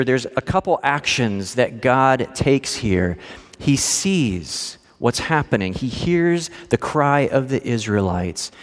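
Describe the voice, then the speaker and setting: A male pastor preaches in a relaxed, conversational manner with a wry, joking touch. His voice sits at an ordinary pitch. It rings through a large hall with a long echo. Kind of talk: sermon.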